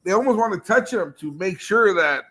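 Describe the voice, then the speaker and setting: A man's voice: high voice, expressive, brisk, pushed and bright. A man, a dog breeder, talking casually about his dogs and litters, laughing easily and trailing off mid-sentence. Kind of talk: casual chat.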